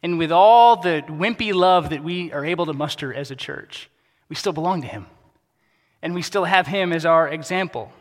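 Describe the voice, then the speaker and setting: A pastor preaching a sermon in a casual, conversational way, dropping to a soft, quiet voice for emphasis. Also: male voice, on the high side, moderate pace. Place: church sanctuary. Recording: long hall reverb.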